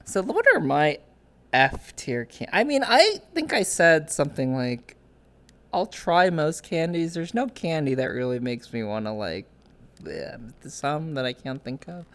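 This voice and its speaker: A woman's voice: deep voice, big pitch swings, a little slow. A young woman hosting a streamed interview in casual chat, rambling with many restarts and reading chat messages aloud.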